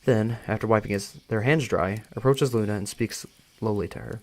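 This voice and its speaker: A man's voice: fairly low pitch, normal speed. A young man with a dry throat reading a story aloud on a live stream, chatty and joking between passages. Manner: casual, joking, chatty asides.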